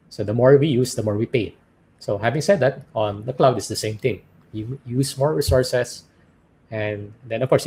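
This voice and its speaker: At a startup conference, a man with a Filipino accent gives a business presentation, explaining things step by step and frequently checking in with the audience. His voice is medium-pitched and slightly mellow, with some hiss or hum.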